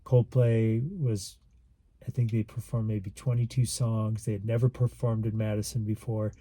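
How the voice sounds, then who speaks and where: A man's voice: on the low side, little pitch movement, normal speed, mellow, no echo. A man telling a personal story to camera in a casual, rambling, earnest way, acting out what others said. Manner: rambling, earnest, acts out quoted lines. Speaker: vlogger.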